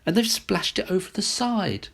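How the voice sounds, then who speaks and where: A man's voice: high-pitched, big pitch swings, moderate pace, gravelly, fairly bright tone, pitched above the performer's own voice, heavily acted. A man doing a fretful mother bear. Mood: fussing. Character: middling-sized mother bear, fussy.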